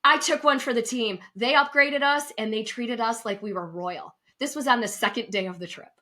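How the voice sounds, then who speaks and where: Podcast co-host, woman in middle age, animated storyteller, crisp bright tone. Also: moderate pace. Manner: lively storyteller, acts out quotes with big pitch jumps. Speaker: podcast co-host and travel advisor. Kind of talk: casual chat, telling a personal story.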